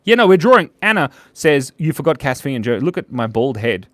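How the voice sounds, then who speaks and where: A man's voice: mid-range voice, very animated, brisk, fairly bright tone, no echo. A man hosting a live drawing stream in a playful, chatty, jokey way. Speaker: host and illustrator.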